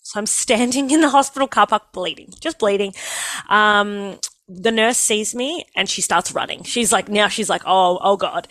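Lively Australian woman telling a story. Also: medium pitch, moderate pace, no room sound. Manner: lively, joking, acts out quotes. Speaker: guest telling her birth story. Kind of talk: casual storytelling.

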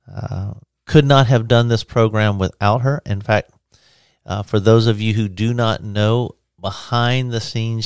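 A man's voice: low-pitched, clear, resonant tone, no echo. A man hosting a Christian teaching podcast, praying and preaching in an earnest, conversational way on a close mic. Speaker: podcast host and open-air preacher.

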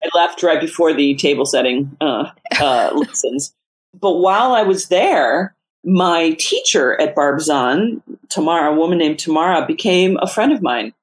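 A middle-aged woman, a memoir author, telling personal stories in a casual interview, animated and often laughing. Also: low-pitched, moderate pace.

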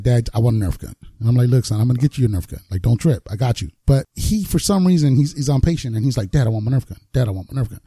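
A man's voice: mid-range voice, mellow, husky, no room sound, studio quality. A man co-hosting a casual podcast, talking slangy, calling people bro and acting out quotes from his son. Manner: slangy, acts out quotes with laughs. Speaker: podcast co-host. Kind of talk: casual faith chat.

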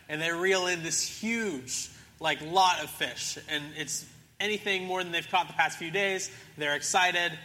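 In a spacious sanctuary whose long echo follows his words, a young man gives a sermon as pastor. His voice is forceful and very bright, a touch high for a male, and his pace is moderate. He narrates casually, acting out what every character says.

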